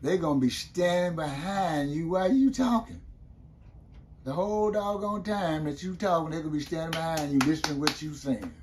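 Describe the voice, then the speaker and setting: A man's voice: a little high, a little fast, a little mellow, a little hiss or hum. Older guy telling prison stories, loose and rambling, keeps saying you know what i mean. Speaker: interview guest, former prisoner. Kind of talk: casual storytelling interview.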